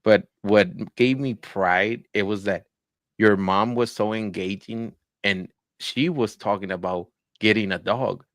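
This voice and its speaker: A man with a fairly low voice talks earnestly in a casual podcast chat. He speaks with pride about a family's visit. The sound is close and dry, with no room around him. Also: measured pace, a bit bright, dry recording.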